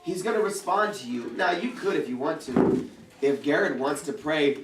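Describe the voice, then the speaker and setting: The youth pastor here has a fairly high, animated voice at a moderate pace, delivering a casual, jokey sermon and acting out prayers in funny voices. It's recorded from afar in an echoey church hall used for youth services, with heavy background noise.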